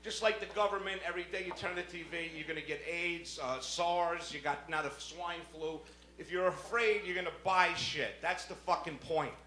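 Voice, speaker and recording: A stand-up comedian from the Bronx with a New York accent, telling a brash, profane story on a club stage. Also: male voice, a little high, normal speed, bright, forceful tone. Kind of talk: stand-up set. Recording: echoey, noisy club recording. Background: audience laughter.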